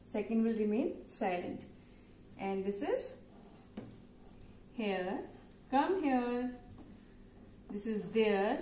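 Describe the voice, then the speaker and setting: Slow, patient woman teaching phonics. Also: fairly high pitch, animated, mellow. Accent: Indian English. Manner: slow, patient, spells words letter by letter. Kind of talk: phonics lesson for young children. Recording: echoey room, faint background noise.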